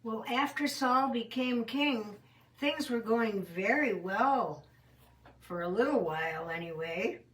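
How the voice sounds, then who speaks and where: A woman casually telling a Bible story in a homey, rambling way, with fillers and quick self-corrections. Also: a little high, animated, fairly bright tone, distant mic, rough recording.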